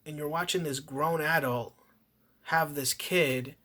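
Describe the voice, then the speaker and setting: A man's voice: on the high side, fairly even intonation, takes it slowly, bright, forceful tone. A man casually reviewing a movie in a rambling, profane rant full of swearing and restarts. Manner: profane, ranting, heavy swearing.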